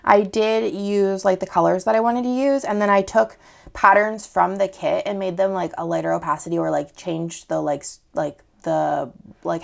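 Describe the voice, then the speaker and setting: A woman's voice: fairly low pitch, gravelly. A woman with a sore throat and a sick voice, showing off her shop's new products in a casual, rambling way full of fillers.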